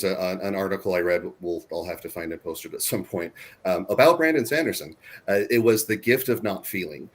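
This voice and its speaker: Low-voiced man moderating a panel. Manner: candid, earnest, repeats words for emphasis. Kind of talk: casual panel discussion.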